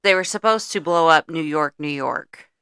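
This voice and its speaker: A middle-aged woman with a low, gravelly voice and a bright, sharp edge chats through a film's plot. She is blunt and swears freely. The sound is close and dry. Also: normal speed, dry recording. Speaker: podcast co-host. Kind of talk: casual movie-review chat.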